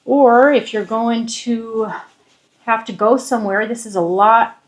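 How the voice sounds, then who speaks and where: A woman's voice: on the high side, measured pace. A woman hosting a home cooking vlog, chatting playfully and laughing often in her kitchen. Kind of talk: casual chat.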